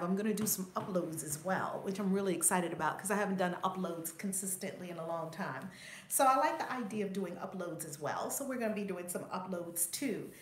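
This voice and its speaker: A woman's voice: medium pitch, fairly bright tone. Woman reverend live-streaming, upbeat and effusive, echoey room, faint background noise. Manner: effusive, upbeat, repeats greetings. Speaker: reverend and spiritual teacher. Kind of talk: live-stream chat, greeting viewers.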